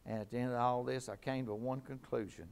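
A man's voice: mid-range voice, fairly even intonation, fairly quick, creaky, a little mellow, clean tone. A middle-aged man preaching a sermon in a fervent, emphatic way, repeating his key lines.

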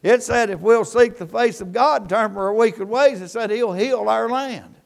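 A man's voice: high voice, moderate pace, gravelly. A man preaching a church sermon as pastor, quoting scripture with rising and falling emphasis.

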